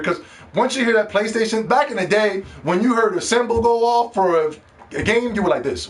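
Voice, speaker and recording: A man's voice: a little high, brisk. A man hosting a podcast, telling stories in a casual monologue and acting out other people's reactions with slang. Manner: animated storytelling, mimics other people in slang. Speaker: podcast host.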